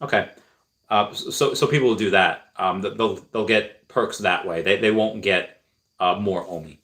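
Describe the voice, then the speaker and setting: A man's voice: sits low, moderate pace, fairly bright tone. A man streaming live, answering viewer chat questions in a casual, rambling way with lots of fillers and restarts.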